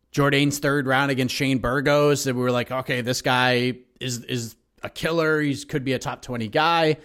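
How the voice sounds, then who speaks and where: A man co-hosting a podcast, talking about fighters in a relaxed, easygoing way. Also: medium pitch. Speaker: podcast co-host. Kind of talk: casual sports chat.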